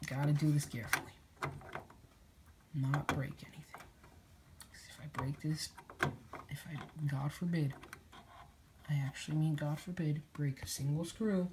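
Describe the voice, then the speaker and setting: A low-pitched woman talks viewers through a computer build in a casual, chatty way, calling them guys. Her speech comes out a bit slurred. Clicks and typing are plainly heard behind her. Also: steady tone, unhurried, long pauses, background noise. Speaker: PC builder vlogger.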